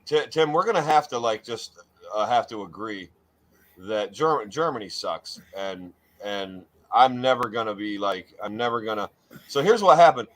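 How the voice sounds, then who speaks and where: A man's voice: fairly low pitch, lively intonation, normal speed, a bit bright. A man hosting a live talk show, chatting loosely with many restarts and putting on a mock-grand tone for introductions. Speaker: podcast host. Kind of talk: casual live show chat.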